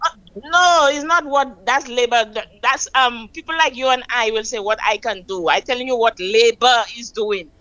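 A Saint Lucian woman calling in to a talk show, her voice high and bright. She preaches with fervor and stretches out key words slowly for effect. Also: rough recording. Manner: impassioned, preachy, emphatic with slow drawn-out stresses. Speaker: caller. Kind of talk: call-in radio political rant.

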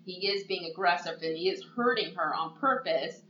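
A woman's voice: normal speed, slight background noise. A woman chatting casually as a podcast co-host, retelling a story and jumping into the characters' lines. She sits in an echoey room, and the recording sounds a bit dull and lo-fi. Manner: animated storyteller who acts out quotes in a higher voice. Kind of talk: casual chat recapping a TV movie.

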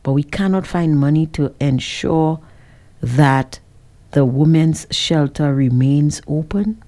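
A woman hosting a call-in radio show who answers callers in a measured, sympathetic way. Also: sits low, dark tone. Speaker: radio talk show host.

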